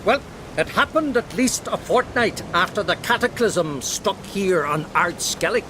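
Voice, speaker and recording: A learned old druid, animated up-and-down voice, old-fashioned speech, rain noise. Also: male voice, high voice, unhurried. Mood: earnest. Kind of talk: video game dialogue. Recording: game audio with loud rain.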